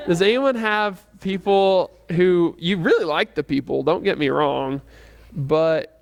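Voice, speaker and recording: This man's voice is high with vocal fry, and his pace is slightly slow. As a youth Bible teacher, he runs a relaxed church lesson for young people, wandering through his points with fillers and frequent restarts.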